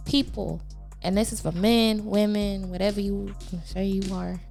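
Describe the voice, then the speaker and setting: A young woman hosting a casual podcast, her voice gravelly with vocal fry, quick to back up her guest. Faint music plays underneath. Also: mid-range voice, steady tone, darkish tone. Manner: affirming, quick to agree. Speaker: podcast host.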